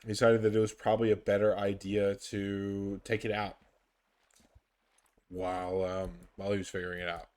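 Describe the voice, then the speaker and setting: A man's voice: on the low side, flat delivery, a little mellow. A man giving casual, rambling commentary over his gameplay, with lots of fillers and restarts. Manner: rambling, filler-heavy, unhurried. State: sleepy, yawning. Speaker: gaming YouTuber.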